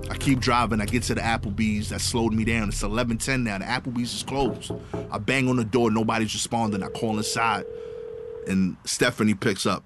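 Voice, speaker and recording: Animated young man telling a story over guitar. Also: lowish voice, a little fast. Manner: animated, comic timing, casual slang. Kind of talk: personal anecdote storytelling. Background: guitar music.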